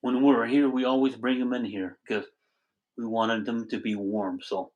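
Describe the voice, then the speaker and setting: A man's voice: medium pitch, little pitch movement, normal speed, dull audio. Older man chatting on a home livestream. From Arizona. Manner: rambling, warm storytelling, thanks viewers by name. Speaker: livestream host. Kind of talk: casual livestream chat. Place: home with a wood stove.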